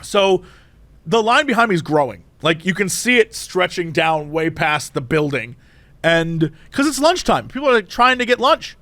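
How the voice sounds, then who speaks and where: A man co-hosting a podcast, telling a story in casual chat and acting out both sides with high and low voices. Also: very animated, normal speed, pushed and bright, no room sound. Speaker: podcast co-host.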